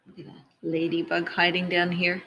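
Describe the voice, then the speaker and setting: A woman teacher reading a picture book aloud to children, gently pointing out details in the pictures as she goes. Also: on the low side, monotone, normal speed, a little hiss or hum, rough recording.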